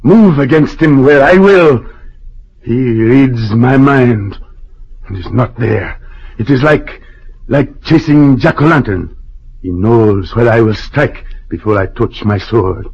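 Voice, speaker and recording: Commanding ex-rebel governor, husky, impatient, lo-fi vintage radio. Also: male voice, medium pitch, animated, slow pace, a little mellow, full character voice. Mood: grim. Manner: brusque and impatient, dropping French phrases. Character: commanding male island governor, former rebel leader. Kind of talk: old-time radio drama. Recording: dull lo-fi old radio recording.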